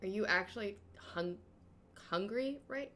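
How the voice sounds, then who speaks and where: A woman's voice: mid-range voice, a little slow, a bit bright. A woman playing a tabletop game, reacting playfully. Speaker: player. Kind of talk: casual tabletop play.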